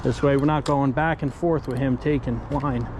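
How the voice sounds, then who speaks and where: This fishing vlogger has a mid-range voice with fairly even intonation and a moderate pace, with background noise behind him. Filming himself outdoors by a river, he's breathless as he walks the "guys" watching through landing a fish, explaining each step live.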